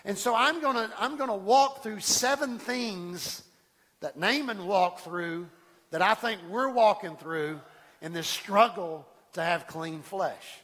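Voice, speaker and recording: High-voiced preacher man, echoing hall. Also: slow. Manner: animated, repeats words and restarts, acts out quoted voices. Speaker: pastor. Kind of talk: sermon. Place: church sanctuary.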